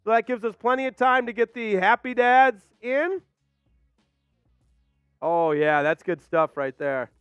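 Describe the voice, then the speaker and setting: Hyped high-voiced man calling football. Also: expressive, moderate pace, few pauses, clean tone, dry recording, highs cut off, faint music behind. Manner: hyped, shouting shout-outs. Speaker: live stream host. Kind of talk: excited watch-along play-by-play.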